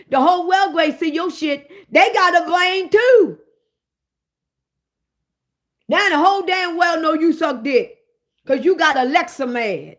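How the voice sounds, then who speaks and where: A woman hosting a comedic rant, profane and animated, talking straight to her listeners. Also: very high voice, normal speed. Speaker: host.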